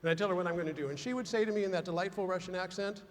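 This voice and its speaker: Talking very fast with hardly any pauses, a man with a high voice fills a large hall. He's a keynote speaker giving a humorous motivational talk to a big conference audience, animating his stories with acted-out dialogue.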